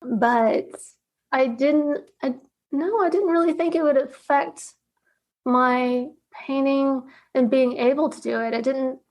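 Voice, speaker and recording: Woman, high voice, emotional storytelling, laughs often, acts out the dialogue. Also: takes it slowly, a little mellow. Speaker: guest, artist.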